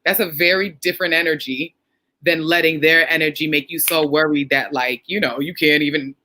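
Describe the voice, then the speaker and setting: A woman's voice: low-pitched, steady tone, a little fast, bright, forceful tone. A woman therapist hosting a casual live chat, speaking frankly and acting out little quoted lines. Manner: frank, reads viewer comments, acts out quotes. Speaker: therapist host.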